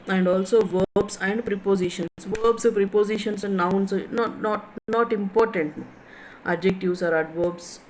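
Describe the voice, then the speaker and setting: A woman with a Telugu accent teaching a college English class, speaking slowly, drawing out words and repeating them often. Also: medium pitch, slight background noise, low-quality recording. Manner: slow, repetitive, drawn-out words. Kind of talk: classroom lecture.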